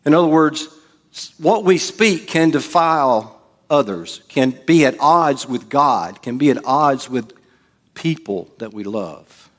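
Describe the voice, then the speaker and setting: This church sermon comes from a pastor who keeps things conversational, cracking jokes and acting out quotes. His voice is mid-range, expressive and a bit bright, at a measured pace.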